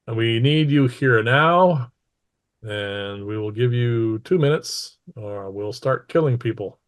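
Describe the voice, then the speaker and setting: A brutal army commander, put on by a game master, bellows threats at frightened townsfolk. His voice is raised high and loud in a bullying shout. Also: lively intonation, slow pace. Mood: bellowing. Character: brutal male commander barking orders at townsfolk.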